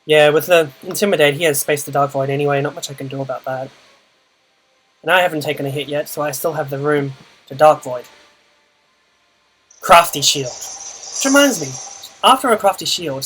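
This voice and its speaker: A man's voice: fairly high pitch, a bit bright, slightly rough, poor audio. A young man giving a dry, muttered running commentary on his own game, groaning at setbacks. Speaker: channel host and player. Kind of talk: live gameplay commentary.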